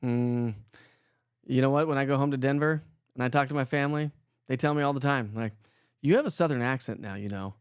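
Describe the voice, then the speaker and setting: A man's voice: medium pitch, fairly quick, clean tone, no room sound, clean studio sound. Chatty man hosting a weather livestream. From Colorado. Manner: chatty, upbeat, jokey, greets viewers by name. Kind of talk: casual live-stream chat reading viewer comments.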